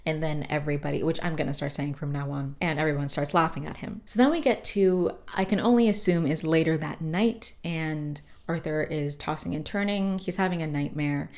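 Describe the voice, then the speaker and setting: A woman hosting a podcast, casually recapping a cartoon episode with swearing and quick character voices. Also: sits low, darkish tone. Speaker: podcast host.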